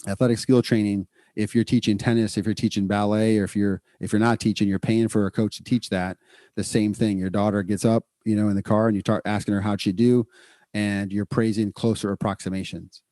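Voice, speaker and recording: A middle-aged man co-hosting a podcast in casual, energetic chat, repeating words for emphasis. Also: on the low side, brisk, no room sound, studio quality. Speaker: podcast co-host, psychologist.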